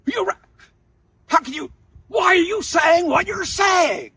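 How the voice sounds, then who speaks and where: A man doing a stern, shouting law professor. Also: extremely high pitch, big pitch swings, a little fast, creaky, no room sound, far from the mic, voice pushed up, exaggerated voice. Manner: loud, demanding questioning. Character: stern, easily angered male law professor.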